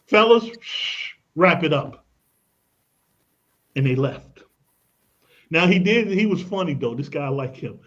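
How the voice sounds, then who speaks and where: On a muffled radio broadcast from a studio, a male credit and tax expert guest explains things in a high-pitched, fairly bright voice. He's expressive and a little slow, with long pauses, and his pushy, emphatic, persuasive delivery is peppered with casual slang.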